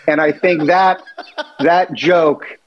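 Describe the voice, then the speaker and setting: Man telling animated anecdotes, higher-pitched. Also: slow, lo-fi sound, slight background noise. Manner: storytelling, acts out quoted lines. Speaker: actor guest. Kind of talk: interview anecdotes.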